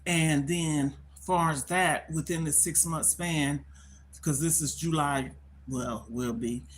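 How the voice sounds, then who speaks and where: A woman's voice: low-pitched, fairly even intonation, slow pace, a little hiss or hum. A middle-aged woman talking candidly on a live stream from her phone. She is worried and close to tears, and she rambles and repeats herself. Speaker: livestreamer.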